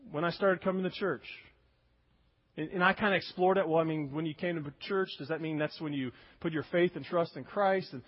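A man's voice: high-pitched, lo-fi sound. A man preaching a sermon, emphatic, acting out quoted voices as he goes. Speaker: pastor.

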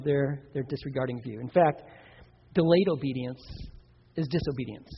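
A man preaching a sermon on parenting, animated, acting out children and parents in playful voices. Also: mid-range voice, brisk, slightly rough. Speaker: pastor. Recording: dull sound with long hall reverb.

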